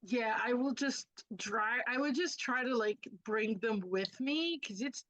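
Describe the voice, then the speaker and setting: Slow, hesitant woman player. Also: a little high, fairly bright tone, no room sound, muffled recording. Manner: hesitant, halting speech. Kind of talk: tabletop role-play.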